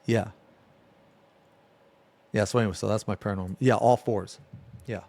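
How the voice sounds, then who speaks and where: A man streaming live, telling a rambling, profane story in a casual way that drops to a near-whisper and then gets loud. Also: on the low side, fairly even intonation, normal speed, vocal fry.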